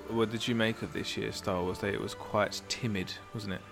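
A man co-hosting a casual podcast, teasing his partner in quick banter and laughing often. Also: on the low side, steady tone, vocal fry, fairly bright tone, faint music behind. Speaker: podcast co-host.

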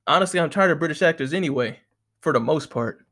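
An American man performs a comedic monologue, telling rambling stories and ranting with nonstop profanity. His voice runs on the high side and he talks fast, in a profane, animated storytelling style.

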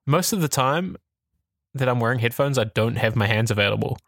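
A man in mid-range pitch co-hosts a casual tech podcast, talking in an opinionated, animated way and laughing easily. His voice sits close and dry on the mic, with no room sound. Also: fairly quick, dry recording. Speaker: podcast co-host.

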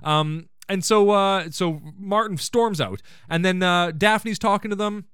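A man's voice: sits high, measured pace, fairly bright tone, clean tone, no echo, studio quality. A man hosting a podcast, recapping an episode in casual chat, enthusiastic and full of joking asides. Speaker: podcast host.

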